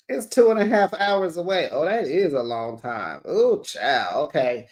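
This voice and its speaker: A woman hosting a casual reality TV recap, chatty and animated, talking straight to her viewers. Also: rumbling low, moderate pace, few pauses. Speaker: recap channel host.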